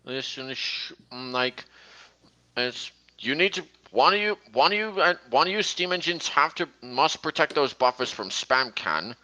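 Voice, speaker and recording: Excitable, bright-voiced man hosting a stream. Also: mid-range voice. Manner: halting and excitable, with many restarts. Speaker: stream host. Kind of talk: casual live-stream chat. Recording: dull lo-fi stream audio.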